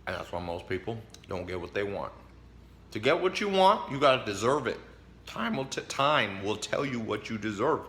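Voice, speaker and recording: A man's voice: on the low side, very animated, moderate pace, a bit bright. A man giving casual motivational advice straight to the camera, emphatic and preachy, chuckling between points and eating as he talks. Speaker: vlogger giving life advice.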